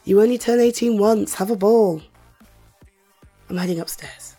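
A woman's voice: medium pitch, mellow, faint music behind, lightly acted. A woman, acting a confident, wealthy mother who teases and flirts in a listener-directed audio role-play. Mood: playful, bossy. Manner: teasing, self-assured, slow and playful.

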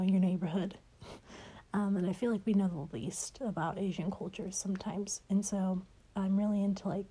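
A young woman answering questions in a casual chat, hesitant and rambling with many fillers and soft laughs, her voice a bit stuffy as if she has a cold. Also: mid-range voice. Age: young adult.

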